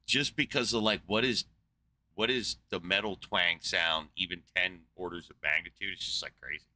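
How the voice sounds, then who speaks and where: A man's voice: deep voice, moderate pace, bright, forceful tone. A man in a casual, rambling monologue, swearing a lot, incredulous and full of fillers. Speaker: podcast host. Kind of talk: casual profane rant.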